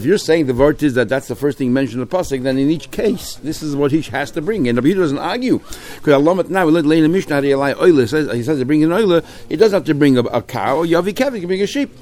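Male Talmud teacher, lively, keeps asking the class questions. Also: fairly high pitch, fast talker, few pauses. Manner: lively, mixes Hebrew-Aramaic terms into English, rhetorical questions.

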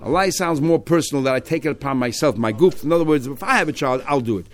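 A man's voice: medium pitch, fast. A man teaching a text study class, explaining step by step and acting out the speakers he quotes.

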